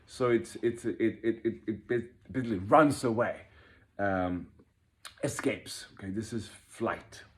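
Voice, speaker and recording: A man leading a workshop, talking fast and animatedly, laughing at himself and acting out inner voices as he explains. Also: on the low side. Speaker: workshop leader. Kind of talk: informal teaching talk.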